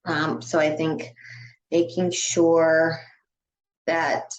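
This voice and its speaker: Low-voiced chatty woman. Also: flat delivery, drawn-out words, a little hiss or hum, low-quality recording. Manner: chatty, frequent "you know" and "like" fillers. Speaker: dance studio director. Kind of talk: casual podcast conversation.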